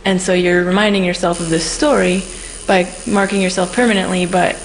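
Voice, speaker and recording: Woman, lowish voice, creaky, thoughtful and musing, faint room ambience. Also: steady tone, a little fast, a little hiss or hum, low-quality recording. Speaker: tattoo artist. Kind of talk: personal interview.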